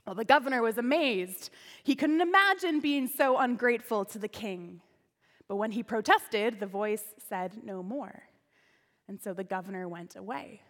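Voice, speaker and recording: A woman pastor telling a story in a sermon, expressive, with volume that rises and falls, recorded in a church sanctuary with long reverb. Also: a little high.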